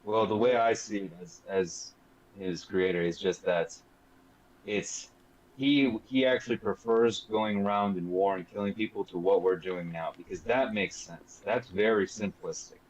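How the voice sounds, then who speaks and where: A man's voice: fairly low pitch, measured pace. A man playing a tabletop game over a voice call, explaining things at length in a laid-back way. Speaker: player. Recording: muffled voice-call audio with faint hiss.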